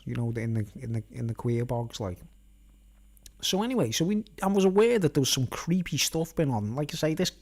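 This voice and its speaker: A middle-aged vlogger with a Merseyside accent tells a long, rambling anecdote, constantly tacking on "right?" and "you know what I mean?" His voice is mid-range and mellow.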